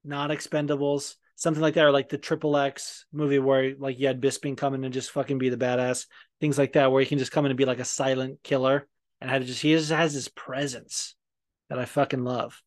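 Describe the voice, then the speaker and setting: A man's voice: medium pitch, steady tone, moderate pace. A man hosting a podcast in casual chat, rambling and profane, with lots of fillers and restarts. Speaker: podcast host.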